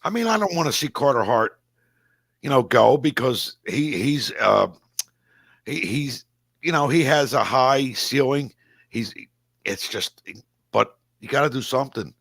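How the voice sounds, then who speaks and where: A man's voice: medium pitch, expressive, measured pace, creaky, fairly bright tone, breathy edge, dry recording, clean studio sound. A man co-hosting a casual sports podcast, frank and emphatic, often repeating his point. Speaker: podcast co-host.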